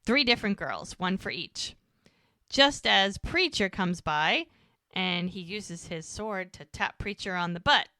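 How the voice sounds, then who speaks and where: A woman's voice: mid-range voice, measured pace, no echo, studio quality. A woman co-hosting a podcast, animatedly retelling a TV episode scene by scene in casual chat. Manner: animated retelling, quotes characters' lines. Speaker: podcast co-host recapping an episode.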